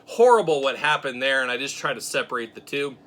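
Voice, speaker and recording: Animated bright-voiced man hosting a chat. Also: medium pitch, quick pace. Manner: animated, self-mocking, gets fired up. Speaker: host. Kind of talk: casual chat.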